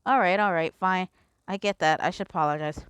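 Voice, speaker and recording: A woman's voice: lowish voice, fairly quick, a bit bright, smooth, no echo, lightly acted. A cocky teenage boy grumbles reluctantly, as a woman reads him. The voice stays close to her own. He speaks in a fan reading of a storybook. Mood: grudging.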